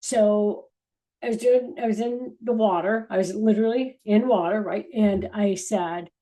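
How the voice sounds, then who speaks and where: A woman of ordinary middle pitch shares channeled spiritual guidance in a relaxed, rambling way. She circles back, restarts sentences, and lets phrases fade to a softer level. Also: measured pace, poor audio. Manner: earnest, rambling, with restarts and soft trailing ends. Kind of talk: casual spiritual talk to viewers.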